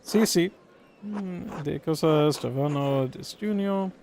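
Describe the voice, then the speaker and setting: Streamer doing a learned doctor, halting and stumbling, gravelly. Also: male voice, on the high side, a little mellow, a little hiss or hum. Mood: lecturing. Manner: halting, stumbling over foreign words. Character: Italian male doctor, learned and chatty.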